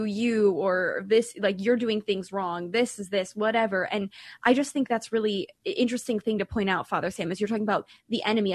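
A woman from Ireland hosting a radio talk show, chatty and quick, inviting callers to phone in. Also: mid-range voice, no room sound. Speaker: radio host.

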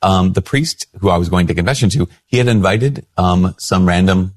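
A male priest hosting a video, telling a story in a conversational, self-questioning way and jumping higher when he quotes others. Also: moderate pace, a little mellow. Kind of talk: reflective storytelling talk to camera.

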